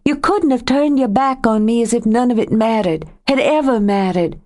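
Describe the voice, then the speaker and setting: A woman voicing a hurt young woman who confronts her lover in a sharp, raised, accusing voice in an audiobook. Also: a little high, moderate pace, pitched above the performer's own voice, lightly acted. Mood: hurt, angry. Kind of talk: audiobook character voice.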